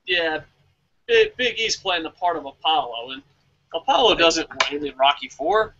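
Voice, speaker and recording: A man's voice: fairly high pitch, normal speed, lo-fi sound. A man co-hosting a casual wrestling podcast who tells jokey stories, acts out quotes in funny voices and swears freely. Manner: animated storyteller, acts out quotes, profane. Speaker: podcast co-host.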